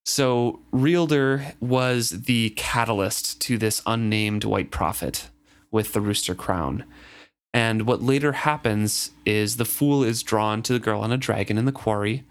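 A man's voice: on the low side, measured pace. A man co-hosting a casual book discussion, reading passages and thoughtfully explaining the plot.

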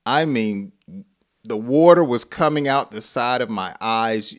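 A man's voice: medium pitch, lively intonation, slow pace. A man teaching an English lesson, acting out example phrases and often breaking into laughter.

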